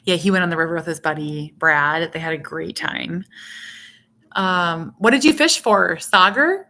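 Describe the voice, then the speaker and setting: A woman's voice: lowish voice, moderate pace, bright, forceful tone. Chatty middle-aged woman on a live stream. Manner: rambling, chatty, reads out viewer comments. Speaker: vlogger hosting a live stream. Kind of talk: casual live-stream chat.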